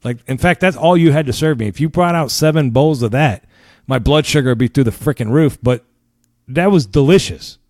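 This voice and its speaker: A man's voice: mid-range voice, brisk, darkish tone, dry recording. A man hosts his own podcast and rambles through a story at full tilt. He swears freely and laughs at his own jokes. His voice sits in a middle range and comes across close and dry, with no room around it. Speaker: podcast host. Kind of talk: casual ranting storytelling.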